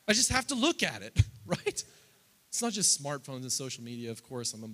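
A pastor in his thirties preaches in a brisk, sing-song style, his voice climbing loud and high through lists and quoted prayers before dropping low and quiet.

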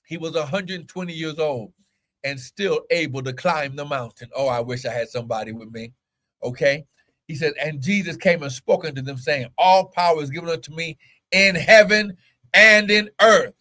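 A man preaching a fiery sermon to an online audience, swinging between shouted exclamations and hushed, intense stretches, often breaking in with "oh my God" and "come on now". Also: on the high side, normal speed.

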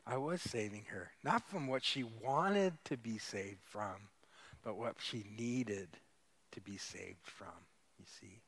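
A man preaching a sermon, telling stories with sudden loud peaks and quiet drops. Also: on the low side, slow pace. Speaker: pastor.

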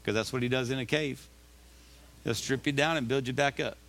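A man's voice: mid-range voice, steady tone, fairly quick, fairly bright tone. A male pastor preaching a sermon in a conversational style, often rising to emphatic calls to the congregation. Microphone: live recording of a church service.

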